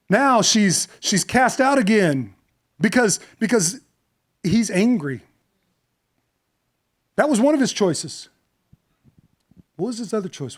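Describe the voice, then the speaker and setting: A male pastor preaching a sermon, telling a story dramatically, acting out voices and moving from hushed to loud. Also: high-pitched.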